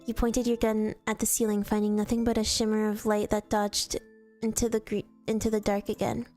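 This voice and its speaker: A woman reads a fan story aloud to her stream, her voice sitting at an ordinary middle pitch. She tells it in a storytelling manner, now and then tripping over a word and starting again. Quiet music plays faintly behind her. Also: monotone, fairly quick. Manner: storytelling read-aloud with casual slips and restarts. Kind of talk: reading fanfiction aloud on stream.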